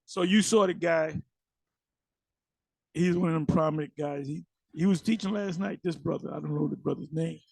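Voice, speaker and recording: A man with a high, gravelly voice giving an informal religious talk. He rambles and restarts his sentences, then reads scripture slowly and deliberately. The recording is dry and close, with no room sound. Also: steady tone, dry recording. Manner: loose, conversational, many restarts, slows down to read scripture. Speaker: religious elder and teacher. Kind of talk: casual religious commentary with scripture reading.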